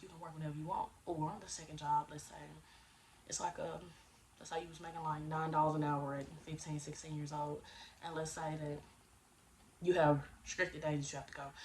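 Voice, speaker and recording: Chatty young woman, low-pitched, a bit distant. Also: a little mellow. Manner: chatty, slangy, acts out phone calls. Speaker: vlogger giving job-search tips. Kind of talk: casual advice chat.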